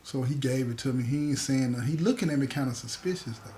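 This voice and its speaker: A man's voice: medium pitch, quick pace, slight background noise. A man telling a story about his past in a casual, slangy way, acting out what other people said. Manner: animated, slangy, acts out the other people's lines.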